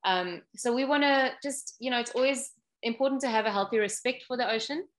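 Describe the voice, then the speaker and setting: Woman interview guest, mid-pitched, earnest and methodical in explaining. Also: fairly bright tone. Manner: earnest, explanatory, lists ideas step by step. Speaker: ocean education program guest.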